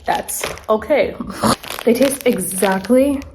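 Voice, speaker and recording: A woman's voice: a little high, slow, background noise. A young woman vlogging to camera, telling a story in a loose, joking way and swearing often. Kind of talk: casual talking-to-camera vlog.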